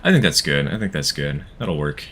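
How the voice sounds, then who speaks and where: A man's voice: a bass voice, expressive, a little fast, a bit bright. A man streaming a game live, chatting casually with his viewers and laughing often. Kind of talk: casual live-stream chat while playing.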